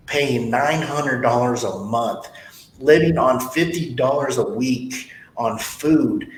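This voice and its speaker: A man hosting a podcast interview, talking bluntly and motivationally with stories from his own life. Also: fairly bright tone. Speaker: podcast host, sales trainer. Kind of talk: casual interview talk. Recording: echoey room with faint rumble.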